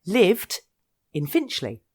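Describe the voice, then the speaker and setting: Low-voiced woman host. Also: huge pitch swings, slow, darkish tone, slightly rough. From North London. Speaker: podcast host. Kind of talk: casual podcast chat.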